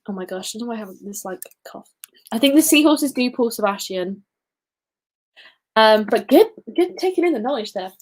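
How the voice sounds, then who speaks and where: A woman's voice: a little high, animated, moderate pace. A young woman hosting a casual livestream quiz, chatty and giggly with self-deprecating asides. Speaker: quiz host.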